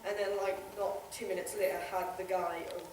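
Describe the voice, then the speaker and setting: A woman with a Geordie accent, telling lively stories as a convention panelist. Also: lowish voice, a little fast. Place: convention hall. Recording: echoey hall from far off, some noise.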